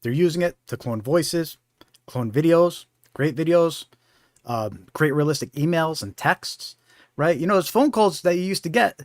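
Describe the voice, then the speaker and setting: A man's voice: fairly high pitch, unhurried, no echo, studio quality. A man hosting a live stream about scams, talking in a conversational way and often checking in with "right?". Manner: conversational, keeps asking "right?". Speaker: host. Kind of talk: live-stream scam awareness talk.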